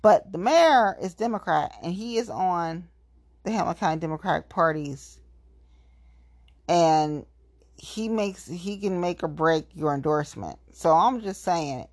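Profane ranting woman, low voice, dry sound. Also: no room sound. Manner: profane, animated venting with sudden pitch jumps. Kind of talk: casual ranting monologue.

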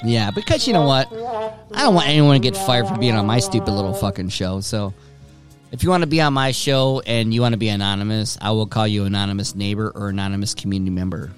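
A man's voice: lowish voice, lively intonation, quick pace, soft background music. A man hosting his own podcast from home, rambling casually with lots of swearing and self-directed jokes. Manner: profane, rambling, joking with himself. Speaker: podcast host.

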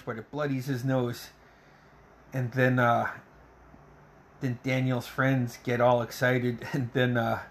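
A man's voice: mid-range voice, a little hiss or hum. A man casually retelling a movie scene by scene, swearing freely and laughing often as he gets worked up. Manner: profane, excitable play-by-play retelling. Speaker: podcast host reviewing a film. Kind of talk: casual storytelling recap.

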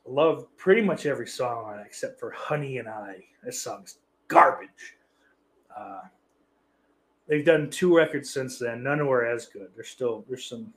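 A man in his thirties hosting a casual stream, reading out chat messages and rambling in a profane, offhand, sardonic way. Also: medium pitch. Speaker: livestream host reading chat.

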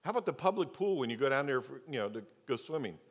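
A male pastor preaching a sermon, moving between loud, emphatic stretches and quiet, low asides. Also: sing-song, quick pace. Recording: long church reverb.

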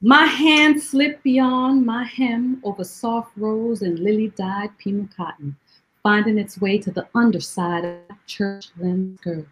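A woman from Jamaica, a poet guest who talks in lively rhetorical questions and recites her poems slowly and deliberately. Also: medium pitch, a little hiss or hum, poor audio. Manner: rhetorical questions, animated storytelling; slow, deliberate poetry recitation. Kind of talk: conversational interview and poetry reading.

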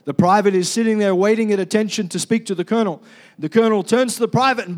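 Male pastor, high voice, loud and energetic sermon delivery. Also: fast talker. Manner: energetic, loud, calls for congregation responses.

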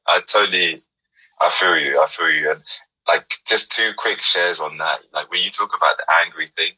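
Very deep, upbeat male host. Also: moderate pace, sharp tone, husky, rough recording. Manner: upbeat, encouraging, rambling. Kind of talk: casual chat.

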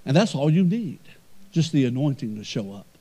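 Pastor, male, lively sermon delivery, warm dark voice. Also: medium pitch, normal speed, breathy edge. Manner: preaching with rising emphatic swells and quiet storytelling asides.

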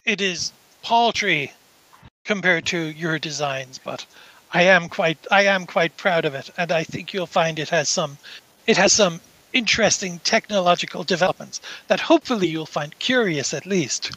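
A man's voice: high-pitched, moderate pace, bright, forceful tone, low-quality recording. A man voicing a gushing, self-important female scientist who plays hostess and then brushes guests off. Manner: effusive, then brushes people off.

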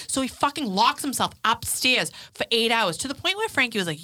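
A woman's voice: on the high side, big pitch swings, brisk, few pauses, bright, forceful tone. A woman in her thirties hosting a podcast, telling frank, profane stories about home life and acting out what people said. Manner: frank and profane, acts out quotes. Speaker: podcast host. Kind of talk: casual storytelling chat.

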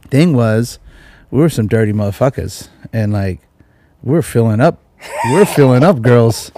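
A podcast host tells a laid-back, slang-heavy story, acting out the voices of the people in it whenever he quotes them. His medium-pitched voice is expressive and warm, moving at a measured pace with frequent pauses. There's no room sound.

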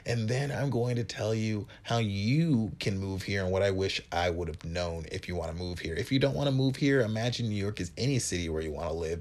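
A man in his twenties from Wisconsin, hosting a podcast and telling a comic story in a profane, animated, self-mocking way. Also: deep voice. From Wisconsin, USA. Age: 20s. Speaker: podcast host. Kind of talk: comedic storytelling monologue.

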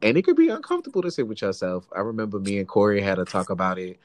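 A man's voice: on the low side, very animated, rapid-fire, dry recording. A young adult man co-hosting a podcast, talking earnestly in slangy casual chat. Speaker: podcast co-host.

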